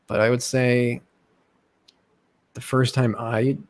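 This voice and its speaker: A man's voice: mid-range voice, slow pace. A young man casually telling stories among friends, acting out the people he quotes. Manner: animated, acts out quoted people with raised voice. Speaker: host. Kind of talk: casual storytelling chat.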